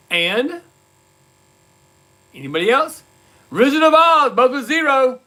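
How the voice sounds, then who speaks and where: A man with a very high, bright and forceful voice hosts a live trivia night in casual chat. He reads out scores and repeats each question slowly. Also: big pitch swings. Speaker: livestream trivia host.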